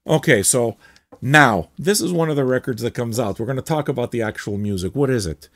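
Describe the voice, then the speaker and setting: A man hosting a record review show, chatting casually in an excitable, rambling way with frequent swearing. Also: medium pitch, brisk, no echo, clean studio sound.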